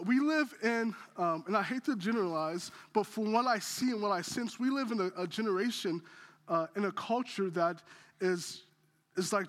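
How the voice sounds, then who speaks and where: A man's voice: extremely high pitch, a bit bright. A man preaching a sermon in a casual, conversational way, often restarting phrases and building to intense moments. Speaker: pastor.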